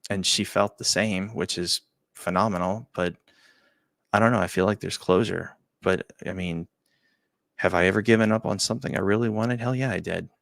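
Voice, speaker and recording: A man hosting a talk show, telling a personal story in a halting, emotional way, often dropping to a quiet near-whisper and repeating his words. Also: deep voice, steady tone, creaky, no room sound. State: choked up. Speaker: show host.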